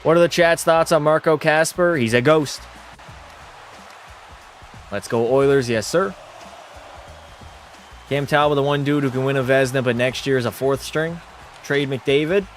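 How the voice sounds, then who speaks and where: A man's voice: medium pitch, moderate pace, long pauses, a little hiss or hum. A man hosting a livestream watch party, giving casual commentary and joking, swearing, and bantering with his chat. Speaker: livestream host.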